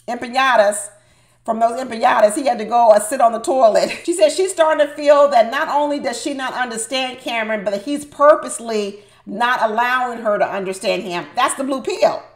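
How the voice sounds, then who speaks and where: A woman with a fairly high voice delivers opinionated recap commentary on a reality show. She talks emphatically and straight to her viewers. Her voice rings in an echoey room. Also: fairly quick.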